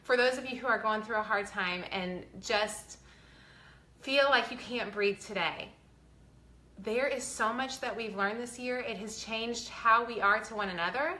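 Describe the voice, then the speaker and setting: A woman's voice: a little high, unhurried, bright, forceful tone, echoey room. A woman, talking earnestly and chattily to her viewers, close to tears, with a faith-filled manner. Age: 40s. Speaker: vlogger. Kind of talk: casual heartfelt talk to viewers.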